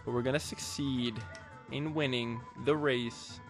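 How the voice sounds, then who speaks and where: A man's voice: medium pitch, steady tone, measured pace, over music. A man giving casual, jokey gameplay commentary as a let's play host, rambling with crude asides.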